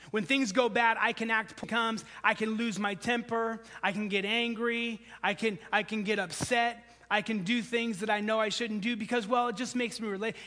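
Pastor, male, higher-pitched voice, conversational sermon delivery with lifts for emphasis and soft low drops, long hall reverb. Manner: conversational preaching, rising for emphasis then dropping low and soft.

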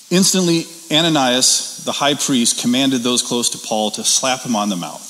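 Male Bible teacher, animated and chatty, mid pitch; reverberant room with faint hiss. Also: moderate pace. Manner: conversational, animated, rhetorical questions. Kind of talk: Bible study teaching with scripture reading.

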